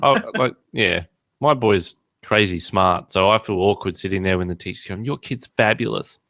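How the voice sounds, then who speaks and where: A man's voice: low voice, moderate pace, vocal fry, fairly bright tone, no room sound. A man hosting a podcast in casual, joking chat with many fillers. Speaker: podcast host.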